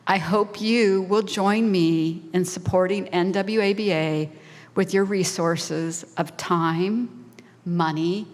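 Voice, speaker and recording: A woman's voice: fairly low pitch, fairly even intonation, takes it slowly. A woman in her sixties giving a heartfelt prepared speech as a volunteer at a fundraising lunch. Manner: heartfelt, emotional, tearing up at times. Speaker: volunteer speaker. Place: large banquet hall. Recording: reverberant hall PA.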